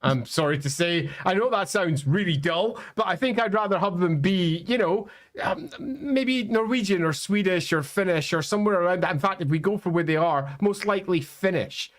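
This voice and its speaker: A man's voice: sits high, normal speed. A man co-hosting a casual livestream, speaking hesitantly with many ums. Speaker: co-host.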